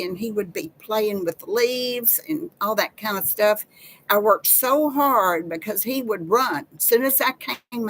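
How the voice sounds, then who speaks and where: A woman's voice: medium pitch, a bit bright, slight background noise, rough recording. A woman, hosting a casual live chat with viewers in a folksy, chatty way. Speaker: live-stream host.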